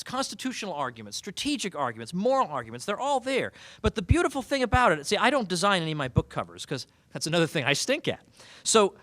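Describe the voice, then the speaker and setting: Animated sarcastic man giving a banquet speech. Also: high voice, dry recording. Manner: animated, sarcastic, mock-quoting opponents. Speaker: keynote speaker. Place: banquet hall.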